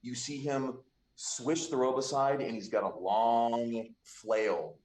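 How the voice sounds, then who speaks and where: A man's voice: mid-range voice, steady tone, slow pace, darkish tone. A man narrating a tabletop game as game master, loose and prone to repeating himself. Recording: roomy echo.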